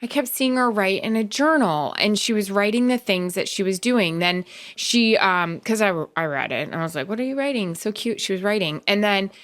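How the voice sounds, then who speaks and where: A woman's voice: medium pitch, moderate pace, few pauses, no echo. A woman co-hosting a podcast, telling a story in a casual chat and acting out the voices of other people. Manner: animated, acts out other people's lines. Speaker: podcast co-host.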